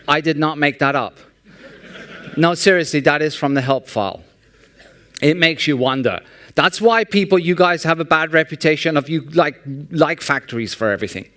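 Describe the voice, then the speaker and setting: A man giving a humorous, sarcastic conference talk in a large hall, telling jokes and anecdotes in a lively storytelling way. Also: fairly high pitch, moderate pace, clear, resonant tone. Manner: sarcastic, joking, animated storytelling. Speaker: conference speaker.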